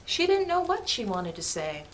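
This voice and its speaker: A woman reading a picture book aloud to children at storytime, lively and expressive. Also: mid-range voice, normal speed, slight background noise. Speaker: storytime reader.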